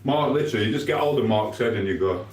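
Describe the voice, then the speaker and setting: A man from England with a Yorkshire accent from Sheffield chats on a live stream, reading viewer comments through rambling banter and laughter. His medium-pitched voice is expressive and fast, with a reverberant sound.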